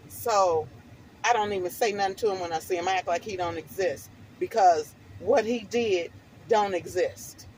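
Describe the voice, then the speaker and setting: A woman's voice: medium pitch, a little mellow, a little hiss or hum, rough recording. A middle-aged woman vlogger telling a personal testimony in a fervent, preachy, emphatic way.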